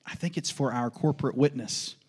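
A man preaching a sermon as pastor, emphatic and folksy, repeating questions and answers in a steady call-and-response rhythm. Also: medium pitch, a little fast, breathy edge. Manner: folksy asides with light laughs.

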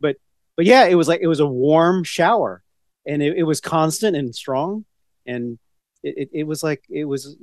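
A man's voice: fairly high pitch, lively intonation, moderate pace, darkish tone, no room sound, clean studio sound. Rambling middle-aged man telling stories. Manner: rambling, tangent-prone storytelling with many restarts. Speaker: podcast co-host. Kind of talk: casual chat.

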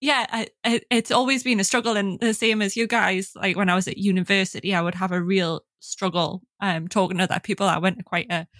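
A woman's voice: mid-range voice, steady tone, fairly quick, hardly any pauses, a bit bright, no echo, studio quality. A woman with a South Shields accent, an artist and academic, chatting casually on a panel and laughing often at herself. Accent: South Shields (Sandancer), North East England. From North East England.

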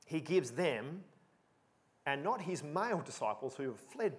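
Emphatic, lively male preacher. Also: a little high, measured pace. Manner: emphatic, animated, repeats for emphasis. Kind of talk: sermon.

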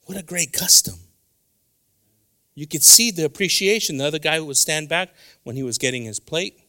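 A middle-aged man preaching a sermon in church, animated and switching between English and Spanish, acting out dialogue as he goes. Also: on the high side, normal speed. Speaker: pastor. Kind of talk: bilingual sermon. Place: church sanctuary.

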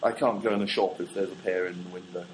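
A middle-aged man co-hosting a satirical comedy podcast, dry and deadpan, spinning absurd jokes. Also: deep voice, quick pace, slight background noise, poor audio. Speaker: podcast co-host.

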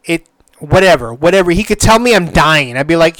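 A man hosting a solo podcast, gushing excitedly, cursing freely and stumbling over restarts. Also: a little high, fairly quick, no room sound. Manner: excitable, gushing, swears a lot, stammers and restarts. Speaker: podcast host.

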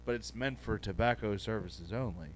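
A man's voice: fairly low pitch, moderate pace. A man co-hosting a podcast, telling a rambling story in casual chat and laughing through it. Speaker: podcast co-host.

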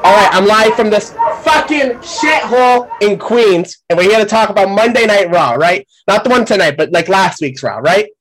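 A man's voice: high voice, animated, normal speed, few pauses, rough recording. A man doing a foul-mouthed wrestling pundit. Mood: ranting. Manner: profane ranting, yelling off-mic at neighbors. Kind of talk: comedic character segment.

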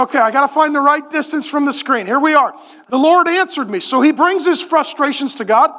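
Forties male pastor, high voice, lively joking preacher in a church sermon. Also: a little fast. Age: 40s. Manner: animated, joking, acts out voices in quotes.

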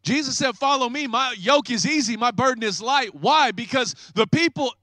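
High, bright-voiced pastor preaching. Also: male voice, moderate pace, no room sound, studio quality. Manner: energetic, joking, acts out congregants' excuses. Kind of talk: sermon.

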